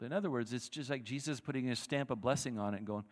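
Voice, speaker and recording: A male pastor preaching a sermon in a conversational, animated way, acting out the people in the story. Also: mid-range voice, quick pace, hardly any pauses, long reverb tail. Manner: animated, conversational, acts out quotes.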